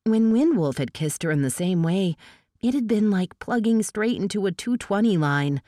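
A woman narrating an audiobook in a measured, steady reading voice. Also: mid-range voice, dry recording, clean studio sound.

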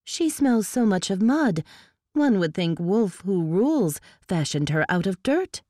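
A woman's voice: medium pitch, sing-song, measured pace, dark tone, no room sound, studio quality, voice pushed up. A woman reading the part of a haughty, disdainful female elf courtier in a storybook. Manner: disdainful, chiding.

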